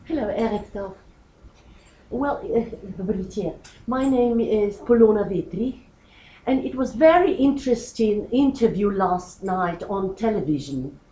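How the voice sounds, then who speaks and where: A woman in the audience asking a question, telling a long story in a chatty, halting way. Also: mid-range voice, dark tone. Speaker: audience member. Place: lecture hall. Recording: echoey hall with faint noise.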